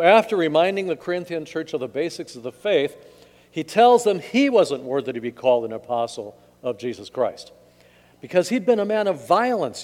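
A man's voice: a little high, darkish tone. A male pastor reading scripture and preaching a conversational sermon with jokes in a church sanctuary. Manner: conversational, joking. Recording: long church reverb.

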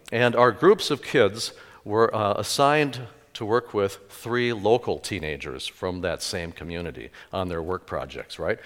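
A middle-aged male pastor preaching a sermon in a church, telling stories with sudden loud emphases. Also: lowish voice. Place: church sanctuary. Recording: echoey church hall with long reverb.

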